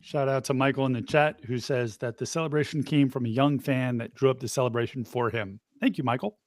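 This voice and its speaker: A man co-hosting a live podcast, relaxed and chatty, giving shout-outs. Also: mid-range voice, fairly quick, no echo, clean studio sound. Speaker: podcast co-host. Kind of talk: casual live podcast talk.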